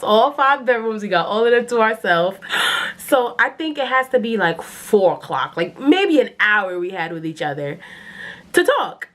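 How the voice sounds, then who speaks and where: Animated young New woman. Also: medium pitch. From New York City. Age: 20s. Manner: animated, dramatic storytelling with acted-out quotes. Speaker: vlogger. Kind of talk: casual storytime.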